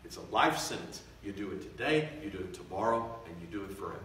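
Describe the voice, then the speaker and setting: A man preaching a revival sermon, swelling loud and slow for emphasis, then dropping to quiet, confiding tones. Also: sits low, animated, slight background noise. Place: church sanctuary. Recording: echoey church from far off.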